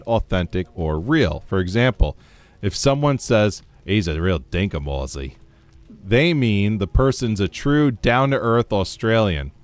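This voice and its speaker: A man's voice: fairly low pitch, dry recording. A man from the United States streaming a game, chatting casually, reading chat aloud and laughing often.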